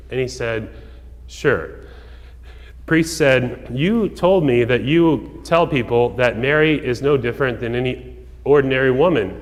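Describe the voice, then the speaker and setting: A man, a priest, giving a homily in a relaxed storytelling way, with casual asides and fillers. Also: mid-range voice. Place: church. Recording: long church reverb.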